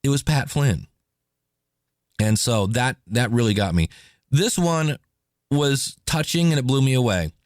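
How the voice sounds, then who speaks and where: A man's voice: medium pitch, unhurried, pauses often, dry recording. Chatty male podcast host, dry close mic. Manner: animated, chatty, acts out quotes. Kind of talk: casual solo podcast storytelling.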